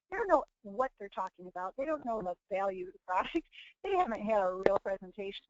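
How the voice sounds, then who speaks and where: A woman's voice: medium pitch, animated, moderate pace, no room sound. A woman presenting a motivational webinar, preaching with repeated phrases and acting out quoted people. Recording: muffled lo-fi webinar audio.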